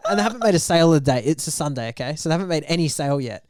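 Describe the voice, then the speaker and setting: A young man rattles off a story at a quick clip, his voice sitting a little high for a man. He acts out every quoted line as he goes. The sound is dry and close, with no room around it. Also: animated, a little mellow, no echo. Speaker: podcast co-host. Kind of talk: casual storytelling chat.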